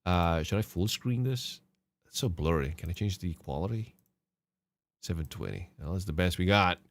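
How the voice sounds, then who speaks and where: A man's voice: low voice, normal speed. A man hosting a podcast and reacting to game clips in casual commentary, sarcastic and mocking, swearing and laughing often. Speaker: podcast host.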